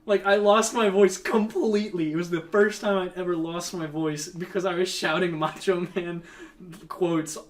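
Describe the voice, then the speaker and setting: A man's voice: sits high, fairly even intonation, moderate pace. A young man telling a rambling, laughing story in casual chat, swearing freely.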